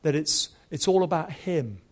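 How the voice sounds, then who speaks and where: A man's voice: on the high side, lively intonation, normal speed. A man in his fifties, a preacher telling stories in a sermon with humor and animation. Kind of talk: storytelling sermon.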